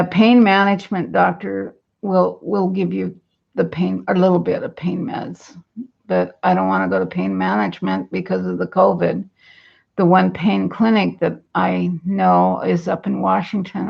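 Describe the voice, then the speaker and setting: A woman speaks at normal speed in a lowish voice with vocal fry. She's vlogging casually from home into her computer webcam, rambling downheartedly and reading comments from viewers aloud, and the webcam mic audio is dull and lo-fi.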